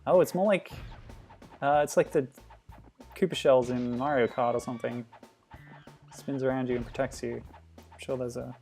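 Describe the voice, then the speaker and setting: A man streaming a game, chatting in a relaxed, amused way and answering chat comments. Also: medium pitch, normal speed, long pauses, faint music behind. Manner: chatty, amused, laughs often, reacts to the game. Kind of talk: casual gameplay commentary.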